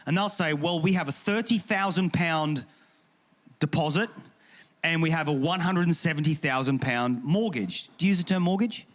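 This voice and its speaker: A man's voice: on the high side, animated, brisk. A man with an English accent, a pastor speaking on a panel, joking and emphatic, with frequent restarts. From England. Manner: humorous, emphatic and indignant, with repeated restarts. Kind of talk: panel discussion talk.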